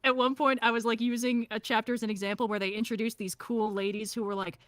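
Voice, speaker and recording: A woman's voice: on the high side, level tone, fast, fairly bright tone, dry recording, clean studio sound. A woman co-hosting a livestream, chatting casually and sarcastically with frequent laughter and fillers. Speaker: co-host of a streamed gameplay talk.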